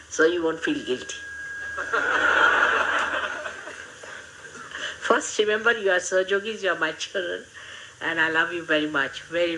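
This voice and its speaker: An older woman, giving a gently humorous, motherly spiritual talk to her followers. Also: low-pitched, a little hiss or hum, low-quality recording. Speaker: spiritual teacher.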